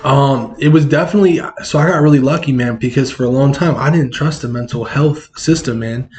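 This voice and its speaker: A man's voice: mid-range voice, a little fast, a little mellow, slight background noise. A man speaking as a podcast guest in casual chat, earnest and reflective, searching for his words as he talks.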